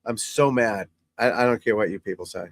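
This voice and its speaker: A man's voice: fairly low pitch, fairly quick, dry recording. A middle-aged man, a golf instructor, chatting casually and bluntly while watching golf on TV, rambling and swearing freely. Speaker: golf instructor and channel host.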